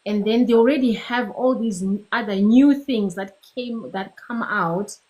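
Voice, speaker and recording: A woman who teaches at a medical school joins a live online chat as a guest. She speaks at a medium pitch and thinks aloud, breaking off and restarting her sentences as she goes. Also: a little slow, a little mellow, low-quality recording. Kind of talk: casual live-stream conversation.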